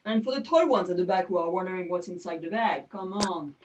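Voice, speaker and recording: A woman's voice: lowish voice, lively intonation, a little fast, far from the mic, a little hiss or hum, rough recording. A woman from France with a French accent, doing chatty, self-mocking magic show patter over a video call.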